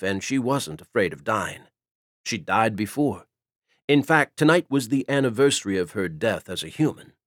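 A man's voice: on the low side, no room sound. Male audiobook narrator, dry sound. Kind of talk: scripted narration.

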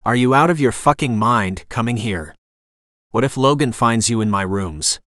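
A gruff, dry-humored immortal warrior, voiced by a male narrator in a storybook. He growls his lines and answers curtly, in a mid-pitched voice. The sound is dry and close. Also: lively intonation, moderate pace, fairly bright tone, no room sound, close to an everyday voice. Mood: irritated.

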